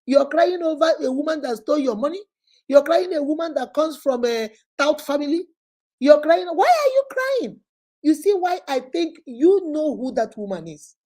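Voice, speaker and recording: Her voice is high-pitched with a dark tone, lively intonation, and a moderate pace. A Nigerian-accented vlog host, she lectures emphatically and repetitively, scolding her audience and hammering home her points with rhetorical questions.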